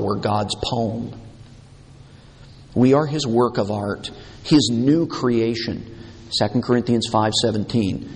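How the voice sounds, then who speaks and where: A man preaching a sermon, deliberate and emphatic, repeating key words for weight. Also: mid-range voice, slightly rough. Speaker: pastor. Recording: long hall reverb.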